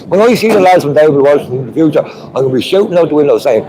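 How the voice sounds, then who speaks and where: His voice sits a little high and he races along expressively, barely pausing, on low-quality audio. An Irish man hosting a livestream, he chats with viewers at an outdoor street protest with trucks, crowd and vehicle sounds behind.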